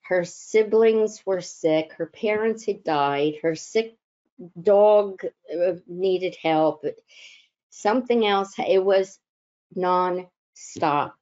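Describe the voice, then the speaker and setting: A woman who works as a chaplain, telling personal stories in a gentle, reflective way with thoughtful pauses. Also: mid-range voice, muffled recording. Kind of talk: personal storytelling talk.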